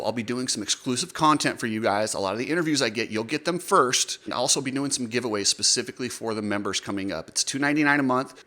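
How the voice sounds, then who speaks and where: A man's voice: mid-range voice, bright, forceful tone. A man hosting a motocross channel, giving blunt, opinionated and jokey commentary straight to camera.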